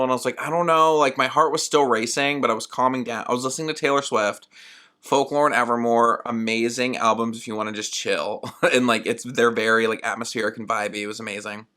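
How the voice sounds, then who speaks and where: Young male solo podcaster, bright tone, chatty and rambling, acts out his own lines. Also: mid-range voice, a little fast. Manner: rambling and animated, heavy use of "like"; acts out his own past words in quoted asides. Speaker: podcast host.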